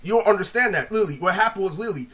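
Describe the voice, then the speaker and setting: Man, rambling profane monologue; fast, high and bright-toned. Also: lively intonation. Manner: rambling, repeats "literally" constantly, blunt and profane. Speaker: vlogger retelling a feud. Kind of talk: ranting monologue.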